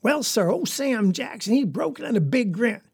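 Woman doing a southern farm girl telling a story, rambling and folksy, low husky gravelly voice. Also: lively intonation, normal speed, darkish tone, exaggerated voice. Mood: earnest. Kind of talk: dramatic monologue.

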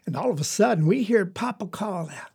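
A woman's voice: medium pitch, lively intonation, fairly quick, creaky, darkish tone, slightly rough, heavily acted. A woman with a Southern US accent playing a young farm girl who tells a story in a rambling, folksy, confiding way. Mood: earnest. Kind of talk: dramatic monologue.

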